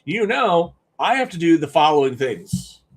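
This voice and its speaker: A man's voice: a little high, sing-song, moderate pace, breathy edge. A man giving an emphatic, conversational live-stream talk as a business coach, often repeating points for stress.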